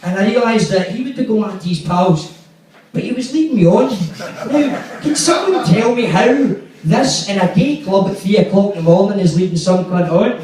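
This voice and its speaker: Glaswegian man, stand-up comic, fairly high voice, very echoey room, heard from a distance, faint hiss. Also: animated, normal speed, crowd noise. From Glasgow, Scotland. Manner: profane, rambling anecdotes with acted-out quotes. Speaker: stand-up comedian. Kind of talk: stand-up storytelling. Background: audience laughter.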